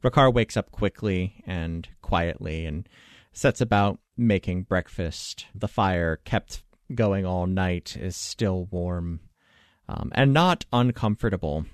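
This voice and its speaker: Calm, low-voiced man as game master. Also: no room sound, clean studio sound. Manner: calm, unhurried narration. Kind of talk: narrating a tabletop game.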